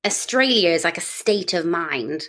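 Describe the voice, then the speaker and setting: A woman's voice: lowish voice, lively intonation, a little slow, a bit bright. A young British woman with a British accent, chatting as a podcast guest and telling stories in a breezy, self-mocking way. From Britain. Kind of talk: casual podcast chat.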